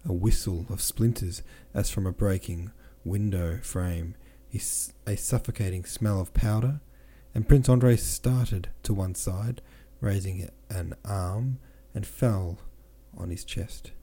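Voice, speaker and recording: Deep, dark-voiced man reading a novel. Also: slow, hardly any pauses, husky. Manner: steady reading with small slips and self-corrections. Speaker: audiobook narrator and podcast host. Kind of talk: novel read aloud.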